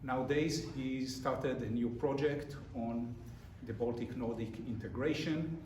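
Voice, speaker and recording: A man's voice: medium pitch, unhurried, a little mellow. Man, event host, formal introduction, occasional fillers, far from the mic, echoey room, noisy background. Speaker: center director and host. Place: lecture room.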